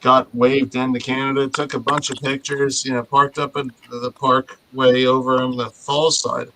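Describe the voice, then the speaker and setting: A man's voice: medium pitch, little pitch movement, normal speed. A man telling a story in a casual chat, rambling with frequent restarts and casual swearing. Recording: noisy podcast audio.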